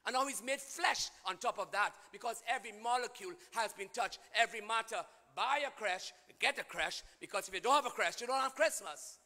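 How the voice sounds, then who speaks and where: High-voiced priest preaching in echoing church. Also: male voice, a little fast, few pauses. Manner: call-and-response preaching, swings from quiet to shouting. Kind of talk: sermon.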